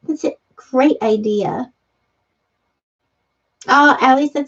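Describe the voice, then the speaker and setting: A woman's voice: high voice, slow, long pauses, breathy edge. A middle-aged woman hosting a casual craft livestream, chatting and reading viewer comments aloud with frequent laughs. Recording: dull lo-fi stream audio.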